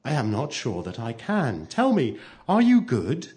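A man's voice: mid-range voice, wildly swooping pitch, a little slow, a little mellow. A man voicing a cheerful, teasing teenage village girl in a storybook reading.

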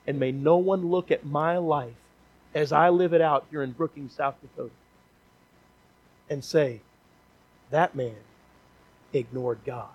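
A man's voice: fairly high pitch, slightly rough, lo-fi sound. A man preaching a sermon, earnest and pleading as he calls people forward in a church. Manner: earnest, pleading, slows down for emphasis. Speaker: guest preacher. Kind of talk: sermon closing and altar call. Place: church sanctuary.

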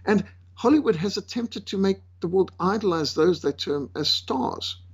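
A man preaching a sermon in a forceful, emphatic way, slowing down to stress key words. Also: high voice, lively intonation, breathy edge. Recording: dull lo-fi recording.

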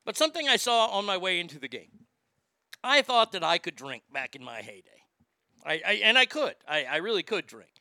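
A man's voice: high-pitched, sing-song, a little fast, sharp tone, dry recording, clean studio sound. A man hosting a talk show, ranting bluntly and sarcastically with plenty of profanity, and reading listener comments aloud. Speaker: radio talk show host.

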